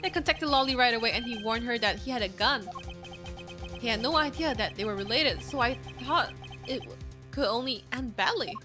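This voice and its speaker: A woman's voice: fairly high pitch, moderate pace, over music, lightly acted. A woman voicing a nervous young man who stammers and hesitates as he is caught out, in a video game.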